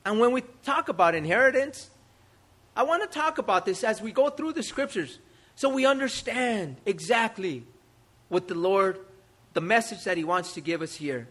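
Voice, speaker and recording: A man's voice: high voice, animated, normal speed, a bit bright. A male pastor preaching a sermon, asking rhetorical questions and repeating key phrases for emphasis. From United States.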